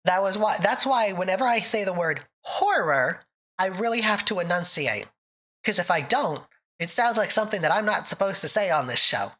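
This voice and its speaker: A woman's voice: medium pitch, animated, brisk, fairly bright tone. A woman streamer from Canada in casual live chat, playful and self-mocking, laughing often.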